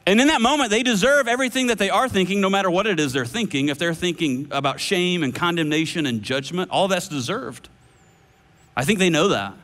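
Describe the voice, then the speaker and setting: High-voiced pastor preaching in a reverberant hall. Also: male voice, animated. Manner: earnest preaching with dramatic pauses, dropping soft for quoted words. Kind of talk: sermon. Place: church auditorium.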